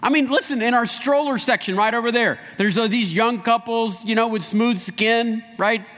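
A man's voice: very high voice, moderate pace, fairly bright tone. A man preaching a sermon as a pastor, telling the story animatedly and acting out voices in the quotes. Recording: long hall reverb.

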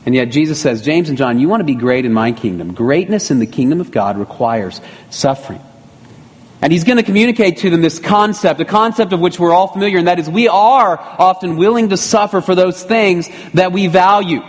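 A middle-aged man with a somewhat high voice delivers a sermon as pastor. He keeps it conversational, with rhetorical asides. His voice rings out with the long reverb of a church hall. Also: lively intonation, brisk.

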